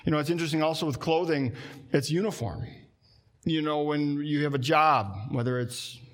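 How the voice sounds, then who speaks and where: A man preaching a sermon in a conversational way, slowing down and dropping his voice for emphasis. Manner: conversational preaching, slows down and drops low for emphasis. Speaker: pastor.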